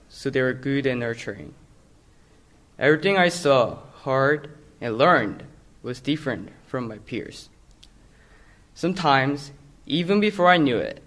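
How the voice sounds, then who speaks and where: A man's voice: medium pitch, a bit bright. A young man with a Korean accent, a native Korean speaker, carefully reading his own essay aloud.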